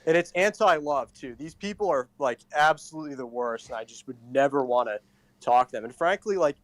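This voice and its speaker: A man's voice: on the high side, lively intonation, brisk, dry recording. A man arguing as a debate guest, hesitant, with many likes and ums. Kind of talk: argumentative debate.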